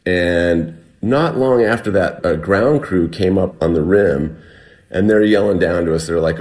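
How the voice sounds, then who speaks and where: A middle-aged man telling a survival story in conversation, animatedly acting out the things people shouted. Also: sits low, normal speed. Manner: animated retelling, acts out shouted quotes.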